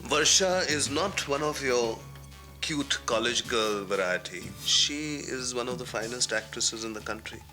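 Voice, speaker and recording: An actor playing a measured, quietly sarcastic male film director. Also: mid-range voice, animated, over music, lightly acted. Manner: measured, dry, quietly probing. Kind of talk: 1990s TV drama acting.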